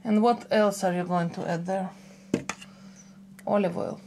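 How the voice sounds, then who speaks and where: Chatty woman vlogger, mid-pitched. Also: steady tone, unhurried, noisy background. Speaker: vlog host. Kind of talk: casual family vlog chat.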